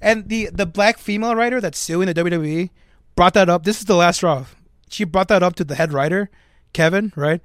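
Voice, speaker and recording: A young man with a fairly high voice tells a story on a casual podcast. He talks in an animated way and throws in jokey asides. The sound is dry and close to the mic. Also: a little fast, dry recording. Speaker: podcast co-host. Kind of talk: casual chat.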